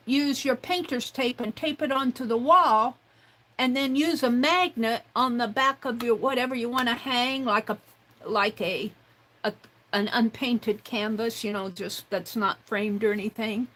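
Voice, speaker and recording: Her voice is fairly high and a bit bright, with fairly even intonation, heard through poor-quality audio. She's running a craft livestream as a casual demonstration, unhurriedly musing while her hands stay busy and now and then addressing herself in the third person.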